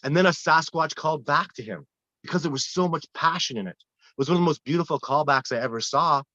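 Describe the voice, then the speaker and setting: A man's voice: on the high side, fast, dry recording. Earnest male expedition guide telling stories in an interview, dull dry lo-fi audio. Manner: earnest, animated storyteller with frequent restarts. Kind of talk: casual interview storytelling.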